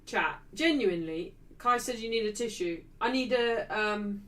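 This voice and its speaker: A woman's voice: mid-range voice, normal speed, fairly bright tone, recorded from a distance, rough recording. A woman hosting a football watchalong stream, ranting and swearing as she talks to her chat. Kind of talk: casual live-stream chat.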